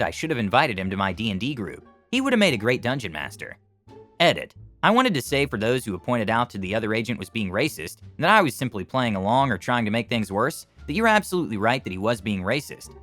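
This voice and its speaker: A man's voice: mid-range voice, a bit bright. A man reading reader-submitted stories aloud as scripted narration.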